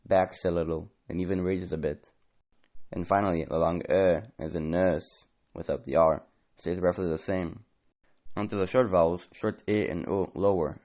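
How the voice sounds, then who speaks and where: A man narrating a scripted lesson, explaining things in an even tone. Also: sits low. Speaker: educational narrator.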